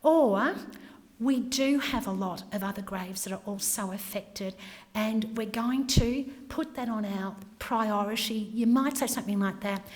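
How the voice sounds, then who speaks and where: A woman's voice: mid-range voice, a little slow. A woman giving a training talk, acting out customer conversations and now and then dropping to a whisper. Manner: animated, acts out customer exchanges, drops to whispers. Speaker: workshop presenter. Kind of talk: training talk with acted scenarios. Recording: long reverb of a hall.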